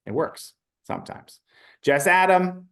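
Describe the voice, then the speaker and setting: A man leading a live online training, animated and chatty, often asking the audience questions. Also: high-pitched, unhurried.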